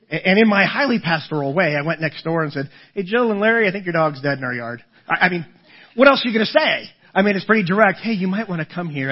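A man's voice: sits high, breathy edge, lo-fi sound. A middle-aged man preaching a sermon as a pastor, telling stories with acted-out voices and often repeating words as he starts a thought. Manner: storytelling with lively acted-out voices.

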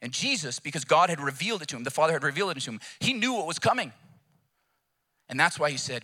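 Pastor, bright forceful tone, lively sermon delivery. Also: male voice, on the high side, quick pace. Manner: animated, emphatic storyteller.

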